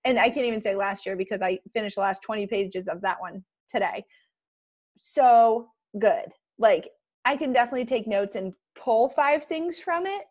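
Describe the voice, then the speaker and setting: A young woman leading a casual motivational team call over a computer mic, chatty and excitable with quick asides. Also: on the high side.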